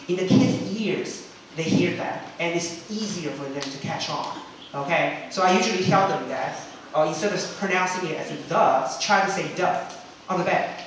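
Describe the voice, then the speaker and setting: This English teacher, a talkative man who trains teachers, has a somewhat high and slightly bright voice, with a light hiss or hum underneath. Miked from far away in a highly reverberant room, he keeps asking "okay?" and models chants.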